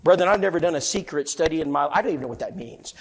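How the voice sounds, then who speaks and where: Brief: animated male preacher, storytelling sermon, high voice, repeats words. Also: very fast, husky.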